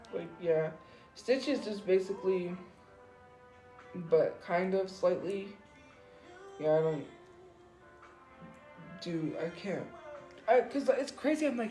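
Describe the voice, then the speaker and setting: A woman's voice: on the low side, animated, measured pace, warm tone, roomy sound, low-quality recording. A woman hosting a casual livestream, rambling with lots of fillers and laughing at herself. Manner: rambling, filler-heavy, self-deprecating. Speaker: livestream host. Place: home room. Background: faint music playing.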